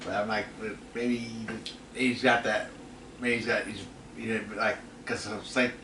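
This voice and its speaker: A man co-hosting a casual trailer reaction, speaking haltingly and trailing off. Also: lowish voice, flat delivery. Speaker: co-host. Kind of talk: casual chat. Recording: distant, roomy, noisy.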